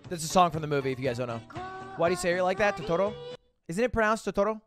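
A man's voice: high voice, lively intonation, racing, music in the background. A young man streaming, telling a rambling story to his chat with lots of restarts and swearing.

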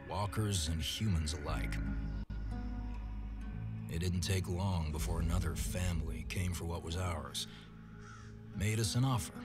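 A man's voice: low voice, a little slow, pauses often, over loud music. A man voicing a grim male survivor leader, narrating a game cutscene in a terse, hard-edged way. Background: loud game score.

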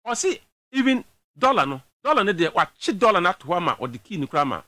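A man's voice: high voice, sing-song, fast, sharp tone, dry recording. A man with a Ghanaian accent giving emphatic political commentary on a talk show, switching between a local language and English.

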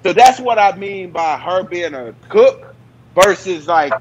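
A man's voice: high-pitched, lively intonation, a little slow, highs cut off, slight background noise. A man joining a talk show as a guest, chatting in a joking, rambling way as he tells a story. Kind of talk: casual chat.

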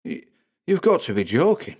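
A man's voice: a little high, huge pitch swings, normal speed, voice pushed up. A man voicing a large, frightened man who stammers and falters. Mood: panicked.

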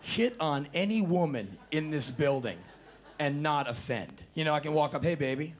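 A man performing spoken word storytelling on a live stage, animated and profane, acting out the quotes of the people in his story. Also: a little high, normal speed. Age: 30s. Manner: animated, profane, acts out quotes in shifting voices.

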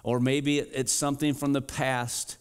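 Middle-aged male pastor mid-sermon, mid-range voice, swings between urgent appeals and slow weighty lines. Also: flat delivery, smooth. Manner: urgent, rising to emphatic repetition; drops to slow, low, deliberate emphasis.

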